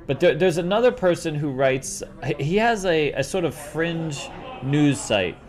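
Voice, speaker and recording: A man's voice: on the high side, expressive, measured pace, faint music behind. A man chatting casually as a local business owner, joking and rambling with frequent restarts. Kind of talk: casual chat. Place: based in Las Vegas.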